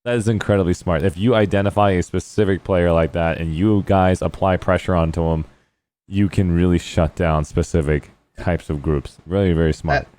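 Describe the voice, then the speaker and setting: Deep-voiced man hosting a game debrief. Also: steady tone, normal speed, darkish tone. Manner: effusive, praising. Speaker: streamer hosting a post-match debrief. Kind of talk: casual voice chat.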